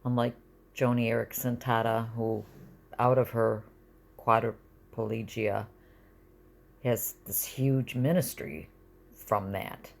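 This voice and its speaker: A woman's voice: very deep voice, steady tone, slow pace, vocal fry, long pauses. A middle-aged woman venting in a casual vlog from her bed at home, rambling and confessional, sometimes sinking to a near-whisper.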